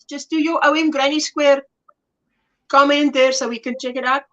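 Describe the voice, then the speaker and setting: A woman's voice: high voice, steady tone, moderate pace, fairly bright tone, muffled recording. A South African woman hosting a casual livestream chat, reading viewer comments aloud and laughing often. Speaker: livestream host.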